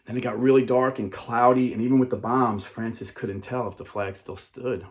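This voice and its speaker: A man telling a story to a crowd in an emphatic, dramatic way. His voice sits at an ordinary middle pitch. He jumps into the characters' lines as he tells it. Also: steady tone, normal speed. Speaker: speaker.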